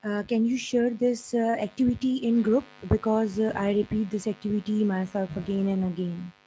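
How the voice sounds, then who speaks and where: A woman student, her voice mellow and soft, makes a hesitant request with many pauses. A faint hum sits under her video-call audio. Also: medium pitch, level tone, poor audio.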